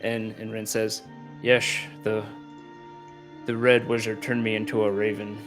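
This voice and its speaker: A man narrating as game master of a tabletop game, slow and halting with many fillers. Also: on the low side, flat delivery, music in the background.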